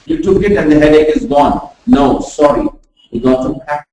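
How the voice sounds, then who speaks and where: A woman teaching a pronunciation lesson, demonstrating sounds with deliberate exaggeration. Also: deep voice, warm tone, a little hiss or hum. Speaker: communication skills trainer. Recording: very echoey room, voice far from mic.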